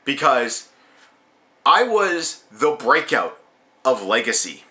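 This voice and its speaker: A man's voice: fairly high pitch, bright, forceful tone, full character voice. A man voicing a bitter, vengeful grown son ranting at his father. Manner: resentful ranting monologue.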